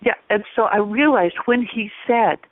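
A woman's voice: fairly high pitch, normal speed, over a noisy crowd. Woman telling a story over a phone-like line. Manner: animated, laughing, many restarts. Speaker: guest. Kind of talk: personal storytelling.

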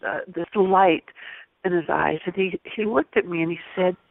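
A woman's voice: lowish voice, normal speed, gravelly, dry recording. Woman telling a story over a phone-like line. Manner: animated, laughing, many restarts. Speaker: guest. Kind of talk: personal storytelling.

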